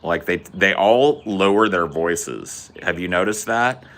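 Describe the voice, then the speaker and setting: A man hosting a podcast in casual, sardonic chat, swearing freely and tossing off quick asides. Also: low-pitched, animated, fairly bright tone. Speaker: podcast host.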